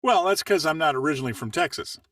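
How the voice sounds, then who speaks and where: Man, from Los Angeles, voiceover coach, relaxed chat, high lively voice, far from mic, dry. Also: quick pace, dry recording. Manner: relaxed, easygoing storyteller. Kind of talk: casual chat.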